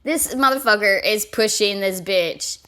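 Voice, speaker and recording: A woman's voice: mid-range voice, measured pace, pushed and bright. A woman streaming live and reacting to a clip with mocking, profane commentary, talking back at the person on screen.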